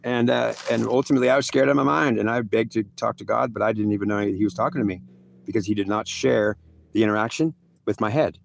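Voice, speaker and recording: A man's voice: lowish voice, fast, vocal fry, a little hiss or hum. An older man, a veteran, telling an intense personal story in a rambling, self-critical way with many restarts. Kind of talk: emotional personal monologue.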